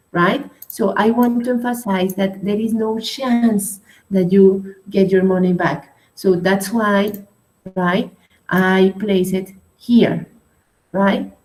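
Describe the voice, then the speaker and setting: This patient female English teacher has a medium-pitched, darkish voice. Recorded in an echoey room with faint noise, she walks through an online class explanation step by step, peppering it with "right?" and "okay?"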